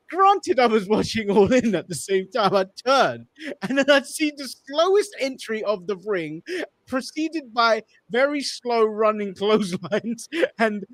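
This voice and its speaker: London-accented male co-host, high voice, dry sound, blunt and interrupting. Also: a bit bright, no room sound. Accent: London English. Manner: blunt, cuts in to disagree. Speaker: podcast co-host. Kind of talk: casual wrestling chat.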